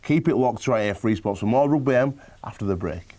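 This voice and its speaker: A man's voice: on the low side, brisk, over loud music, rough recording. A man hosting a sports radio show, asking questions in casual, friendly banter. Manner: relaxed, friendly, calls people mate.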